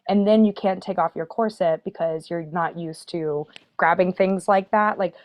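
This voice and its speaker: Woman from the American South, podcast guest, lowish voice, chatty, laughs easily. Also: normal speed, darkish tone. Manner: chatty, self-deprecating, laughs often. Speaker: podcast guest, burlesque performer. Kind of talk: casual chat.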